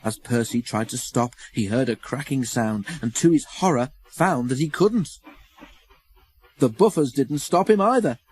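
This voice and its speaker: Husky man reading a children's story. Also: mid-range voice, lively intonation, a little slow, a little mellow. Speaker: narrator. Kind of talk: storybook narration.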